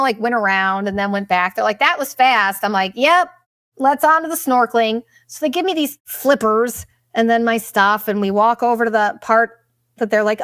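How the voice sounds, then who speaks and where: A young woman hosting a podcast, telling a travel story in a casual, animated, profane way. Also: medium pitch, no room sound, clean studio sound. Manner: profane, animated, exaggerated retelling. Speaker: podcast host.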